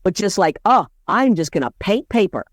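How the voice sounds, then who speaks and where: Lively woman co-host chatting, voice jumps up and down a lot, dry close sound. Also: normal speed, no echo. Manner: animated storyteller, lively swings in pitch. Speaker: podcast co-host. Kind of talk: casual conversation.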